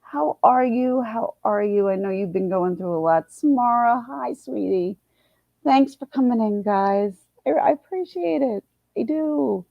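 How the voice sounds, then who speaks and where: A woman's voice: medium pitch, animated, unhurried, gravelly, no room sound. A middle-aged woman, chatting casually on a livestream, rambling with many restarts. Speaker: livestream host. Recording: dull, dry lo-fi sound.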